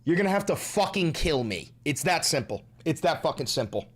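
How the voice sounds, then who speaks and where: A man's voice: on the high side, very animated, a little fast. Profane ranting male streamer. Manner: profane, ranting, bursts into shouting. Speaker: livestream host. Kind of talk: live-stream political commentary.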